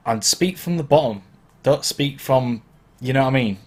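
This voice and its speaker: Here a DJ hosts a live Q&A stream at normal speed, his voice medium in pitch. He sounds laid-back and encouraging, chatty, prone to wandering and fixing his own words, with a throat sore from hay fever. The microphone sits underneath the camera.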